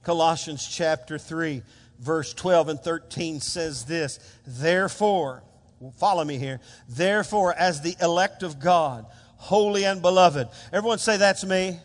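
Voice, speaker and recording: A man preaching a sermon as pastor, animated and calling out for responses from the congregation. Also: on the high side, a little slow. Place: church sanctuary. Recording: long hall reverb.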